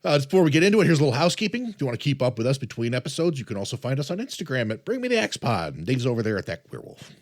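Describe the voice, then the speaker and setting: A man in his forties hosting a podcast, telling stories in a casual, animated way with frequent stammered restarts. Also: mid-range voice, very fast, few pauses. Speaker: podcast host. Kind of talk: casual chat.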